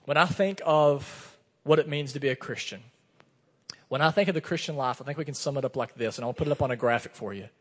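A man's voice: mid-range voice, quick pace. A man preaching a sermon as pastor, earnest and conversational, telling personal stories. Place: church sanctuary. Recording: long reverb of a church hall.

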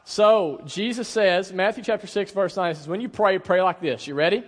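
A man in his thirties, a pastor preaching a sermon in a church, telling stories in a relaxed, conversational, self-deprecating way. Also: high voice, normal speed. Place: church sanctuary. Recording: long hall reverb.

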